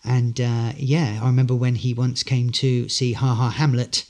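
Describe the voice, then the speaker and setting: A man's voice: mid-range voice, level tone, normal speed, darkish tone. An actor, a man, telling good-humoured, rambling anecdotes as a guest in a casual interview.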